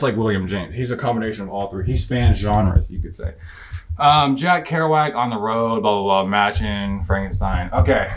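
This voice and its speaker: A young man hosting a casual bookshelf tour, talking in slangy, profane, rambling bursts that often break off mid-sentence. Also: fairly low pitch. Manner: rambling, self-interrupting. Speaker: book reviewer host.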